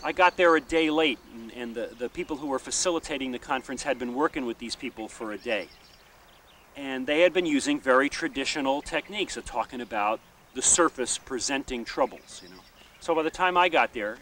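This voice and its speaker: A man, a peacemaker and facilitator, telling a story in an animated way, often saying "you know.". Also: mid-range voice, brisk. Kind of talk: storytelling talk. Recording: distant mic, faint outdoor noise.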